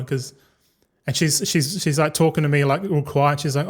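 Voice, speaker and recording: A man's voice: a little high, moderate pace. A young man telling a long, rambling story as a streamer, repeating words and swearing casually.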